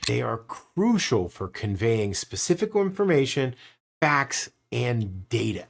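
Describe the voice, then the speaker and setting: A male sales trainer explains his material with a lively voice that climbs and drops often. He stresses his points hard and acts out the tones he describes. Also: mid-range voice, breathy edge. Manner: animated, emphatic, demonstrates tones with his voice. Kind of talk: instructional talk to camera.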